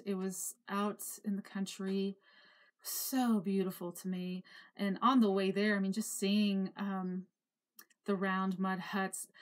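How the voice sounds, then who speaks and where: A middle-aged woman recounting her life story to camera. She speaks in a reflective, emotional way, pausing, sighing and laughing now and then as memories return. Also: mid-range voice. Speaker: memoir narrator.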